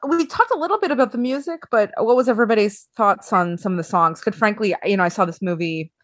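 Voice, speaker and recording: A woman from Long Island co-hosting a film podcast, with a middle-pitched voice and a dry, close sound. She trades wry, teasing jabs in easy conversation. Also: expressive, fast talker, no room sound. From Long Island, New York. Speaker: podcast co-host. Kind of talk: casual chat.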